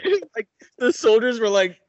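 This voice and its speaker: A man co-hosting a casual chat, excitable and giggling. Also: very high-pitched, normal speed, no room sound. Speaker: co-host. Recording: dry, dull lo-fi sound.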